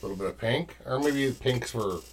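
A man's voice: medium pitch, a little fast. A man co-hosting a podcast, joking crudely and talking over the others while a bit tipsy from drinking. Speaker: podcast co-host. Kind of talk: casual chat.

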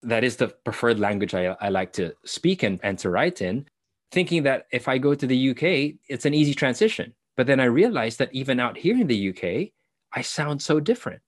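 Speaking briskly and expressively in a mid-range voice, a young Filipino actor answers interview questions in accented English. His talk is conversational and considered, building out his ideas with the odd self-correction. The sound is dry and clean, like a studio.

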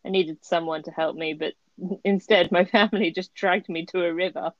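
A chatty woman co-hosting a podcast talks about a story with lively animation, laughing as she goes. She sounds close and dry, with no room around her. The sound is a little dull and lo-fi. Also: fairly low pitch, brisk, no room sound. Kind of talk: casual chat reviewing a story. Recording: dry, slightly muffled lo-fi recording.

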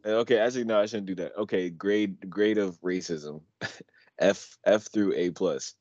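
A man's voice: low-pitched, moderate pace, a little mellow, no echo. A man co-hosting a podcast in casual chat, teasing and laughing as he steers the topic. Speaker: podcast co-host. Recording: dull, dry lo-fi mic.

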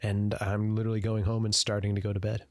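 A man's voice: fairly low pitch, monotone, fast talker, no room sound. A young man co-hosting a casual podcast, laid-back, mostly short reactions and dry jokes. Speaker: podcast co-host. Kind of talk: casual chat.

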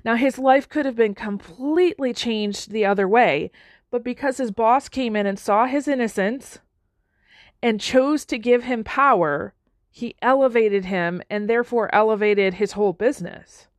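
A woman's voice: on the high side, normal speed, no room sound, clean studio sound. A woman giving a motivational talk on leadership, telling stories in an earnest way and acting out the people she quotes. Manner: earnest, restarts often, acts out quoted dialogue. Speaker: leadership speaker.

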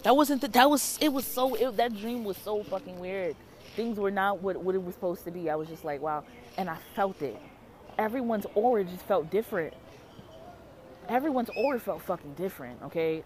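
Woman tarot reader, casual vlog, lively swooping pitch, cursing a lot. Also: slight background noise. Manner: animated, profane, dramatic.

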